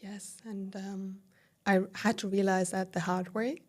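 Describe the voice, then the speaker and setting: A woman speaks as a podcast guest at a mid-range pitch, recounting her own experience candidly. She talks loosely, leaning on fillers and voicing her own past thoughts as little quoted asides. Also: a little slow. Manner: animated retelling with quoted inner dialogue, filler-heavy. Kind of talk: candid conversational storytelling.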